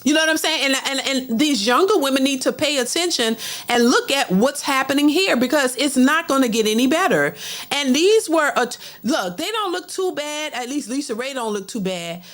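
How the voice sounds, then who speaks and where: A woman's voice: sits high, lively intonation, moderate pace, fairly bright tone. A middle-aged woman hosting a livestream, reading viewer super chats and giving casual, talkative commentary that often repeats words. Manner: chatty, repeats words, mimics others in a mocking voice.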